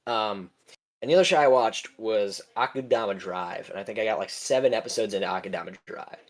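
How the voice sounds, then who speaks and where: A man's voice: lowish voice, a little fast. A young man rambles through a casual podcast chat, full of fillers and restarts. He swears freely and keeps a loose, offhand delivery. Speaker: podcast co-host.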